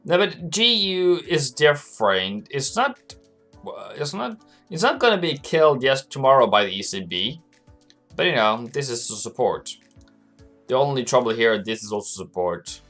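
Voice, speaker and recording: A man's voice: mid-range voice, a bit bright. A man hosting a live trading stream, chatting casually, answering viewers by name and laughing often. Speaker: forex trading livestream host.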